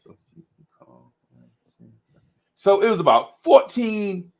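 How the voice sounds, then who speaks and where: A man's voice: sits high, takes it slowly. A man telling a childhood story in casual chat, laughing often and acting out the people in it. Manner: animated, laughing, acts out the people in his stories. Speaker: podcast co-host.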